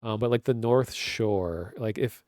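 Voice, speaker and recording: A man's voice: lowish voice, unhurried, darkish tone, dry recording, studio quality. A man in his thirties with a Minnesotan accent, chatting casually on a webcam stream and rambling with lots of fillers. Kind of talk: casual chat. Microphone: webcam stream mic.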